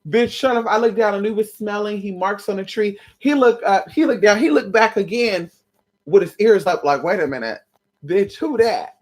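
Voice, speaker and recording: A woman's voice: mid-range voice, normal speed, darkish tone. A woman vlogging from home late at night, talking to her viewers in a sassy, blunt and playful way and calling them honey and sis. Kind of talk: casual talk to viewers.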